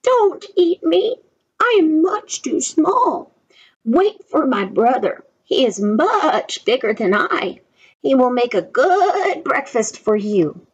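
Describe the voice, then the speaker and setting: A woman voicing a small, timid young billy goat in a very high, small pleading voice. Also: big pitch swings, takes it slowly, muffled recording, heavily acted.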